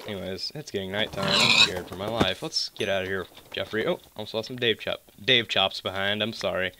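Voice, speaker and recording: A teenage gaming channel host in his mid-teens, from California and South Carolina, talks briskly and with fairly even intonation over heavy background noise. His fairly deep voice has a mild Southern-Californian accent mix as he wanders through joking, digressive gameplay commentary from his home computer desk on a cheap desktop microphone.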